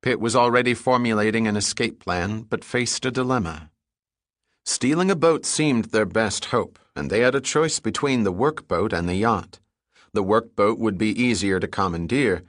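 A man reading an audiobook chapter in a steady, measured narration. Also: lowish voice, no room sound, clean studio sound. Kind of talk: scripted narration.

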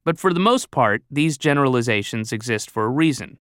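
A man's voice: mid-range voice, expressive, fairly quick, a bit bright, clean tone, dry recording, clean studio sound. A man from Georgia reading his own comic audiobook, ranting sardonically and bitterly with sarcastic asides. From Georgia, USA. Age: adult under 60.

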